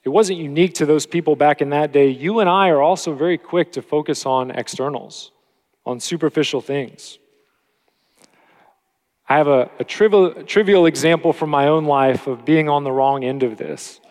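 A man preaching a steady expository sermon as pastor, with occasional self-corrections. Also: fairly high pitch, moderate pace. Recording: long hall reverb.

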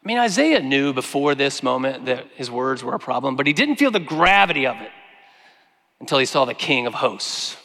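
A man preaching a sermon, earnest, slowing down and growing quiet when he quotes scripture. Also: medium pitch, big pitch swings, gravelly. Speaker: pastor. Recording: long hall reverb.

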